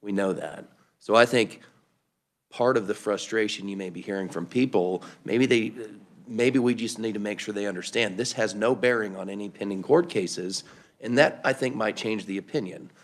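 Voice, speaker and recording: A man's voice: lowish voice, normal speed. A man on a legislative committee thinking aloud as he makes his point, with hesitant restarts. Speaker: committee member. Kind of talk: committee remarks.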